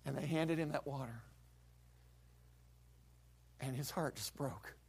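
A man's voice: mid-range voice, slow pace, husky. A male pastor preaching a sermon, retelling a Bible story with vivid acted voices and sound effects.

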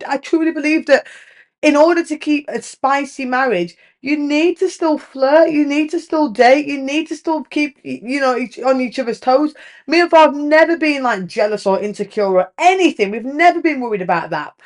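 A woman hosts a casual podcast in a slightly higher-than-average voice. She talks frankly and with lots of energy, swearing freely as she tells her stories. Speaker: podcast host. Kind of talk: candid casual chat.

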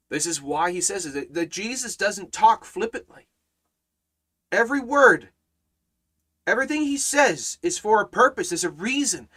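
A man with a high voice preaches through a Bible study. He hammers phrases by repeating them, swelling loud and dropping low. His delivery is earnest and emphatic. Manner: emphatic, repeats phrases with rising and falling force. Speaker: Bible teacher.

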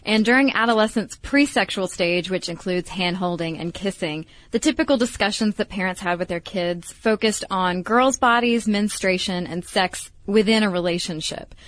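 A woman co-hosting a podcast, chatting and going over study findings in an even way. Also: mid-range voice, moderate pace, few pauses. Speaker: podcast co-host. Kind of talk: casual chat.

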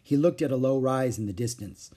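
A man's voice: mid-range voice, a little fast. A man narrating a children's chapter book aloud. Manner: lively expressive reading. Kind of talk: storybook read-aloud.

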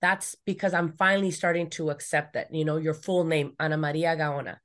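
A woman's voice: deep voice, fairly even intonation, fairly quick, a bit bright. A woman guest on a podcast, speaking in an earnest, reflective way. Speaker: guest, travel co-founder. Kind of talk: casual chat.

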